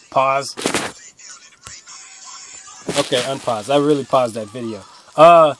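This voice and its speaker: A young man telling rambling stories to camera in a blunt, casual way, swinging from mutters to loud outbursts. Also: on the high side, slight background noise. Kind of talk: casual storytelling monologue.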